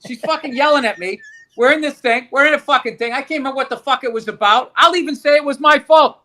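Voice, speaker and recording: Bright high-voiced joking man. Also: fast. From United States. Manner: joking, heated ranting, swearing. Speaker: podcast co-host. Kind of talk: casual chat.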